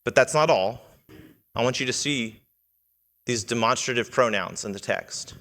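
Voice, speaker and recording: A man's voice: mid-range voice, normal speed, a bit bright. A man preaching a sermon in a church, earnest and teaching in tone, asking the congregation questions. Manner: earnest, teaching, with quoted lines read in character. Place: church sanctuary. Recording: long reverb of a church hall.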